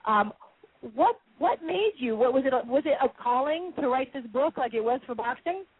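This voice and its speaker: A woman hosting a radio show who interviews a guest in a chatty, animated way and laughs often. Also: high voice, normal speed, husky, no echo. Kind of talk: phone interview. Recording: tinny phone line.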